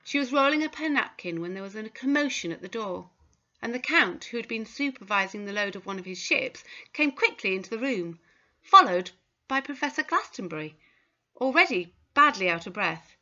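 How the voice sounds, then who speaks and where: A woman narrating a children's novel in a steady storytelling manner. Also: mid-range voice, normal speed, dull audio. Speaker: audiobook narrator. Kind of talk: scripted narration.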